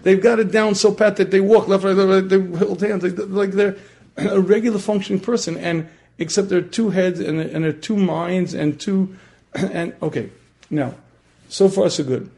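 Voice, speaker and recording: A man teaching a religious class who often clears his throat and asks his listeners questions. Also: high-pitched, fairly even intonation, normal speed, warm tone.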